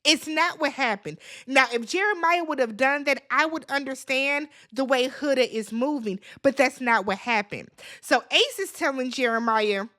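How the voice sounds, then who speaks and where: A woman hosting a casual reality TV recap, talking in an animated, dramatic way with slangy asides. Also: high-pitched, normal speed, few pauses.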